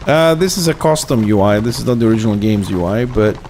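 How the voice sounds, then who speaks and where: A man's voice: fairly low pitch, animated, fast talker, a little mellow, slight background noise. A man with a slight lisp streams a game live and talks in English, which is not his first language. His manner is chatty and easygoing, and he stops to explain things to his viewers as he plays. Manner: non-native English speaker. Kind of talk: casual live-stream commentary.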